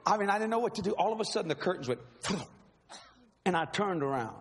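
Speaking fast and animatedly in a high voice, a man shares his personal testimony from the pulpit, emphatic and dramatic, with frequent laughter. Long hall reverb and faint background hiss color the recording.

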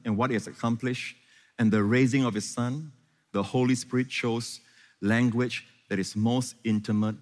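Impassioned male preacher in a hall. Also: medium pitch. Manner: impassioned preaching, swinging from loud questions to hushed reassurance. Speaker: pastor. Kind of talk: sermon.

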